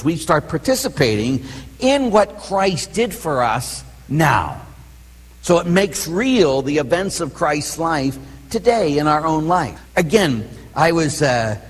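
Brief: male priest, teaching sermon, lively swooping delivery, slightly raspy, long hall reverb. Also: on the high side. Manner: conversational, keeps checking the listeners follow. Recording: long reverb in a large room.

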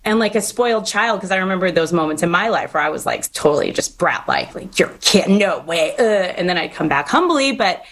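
Woman, podcast host, earnest, preachy, lower-pitched voice. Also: lively intonation, fairly quick, hardly any pauses, fairly bright tone, poor audio. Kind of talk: faith-based interview chat.

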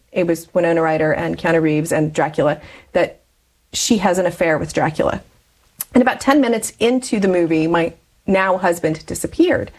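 Chatty woman telling her life story. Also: mid-range voice. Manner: chatty, animated storyteller who laughs often. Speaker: interview guest. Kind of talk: personal storytelling in conversation.

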